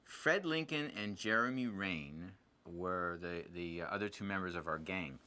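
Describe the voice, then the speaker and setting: A man's voice: low-pitched, measured pace, sharp tone, smooth. A male actor giving a reflective interview, with frequent hesitations. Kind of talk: interview recollection. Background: music.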